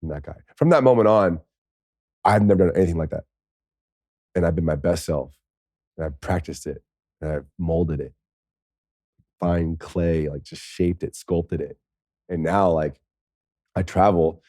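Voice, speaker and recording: A man with a low, dark voice tells a personal story as a podcast guest. He rambles in an animated way and leans on "like" as filler. The sound is dry and close. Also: unhurried, long pauses, no echo. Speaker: interview guest, former NFL tight end. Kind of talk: candid storytelling.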